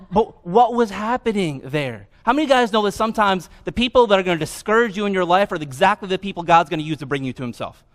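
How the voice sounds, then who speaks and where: A young man delivers a sermon in a lively, casual way, full of slang and quick asides. His voice sits high for a man. The sound carries a long reverb from the church hall. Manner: animated, conversational, casual slang. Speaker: pastor. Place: church sanctuary.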